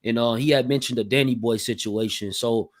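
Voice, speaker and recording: A man interviewing a guest, setting up questions slowly with lots of "uh" and "you know". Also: mid-range voice, fairly even intonation. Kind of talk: casual interview.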